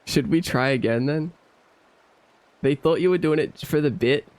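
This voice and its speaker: A man's voice: fairly high pitch, normal speed, long pauses, no room sound. A man streaming, chatting casually and animatedly, laughing often and sounding incredulous.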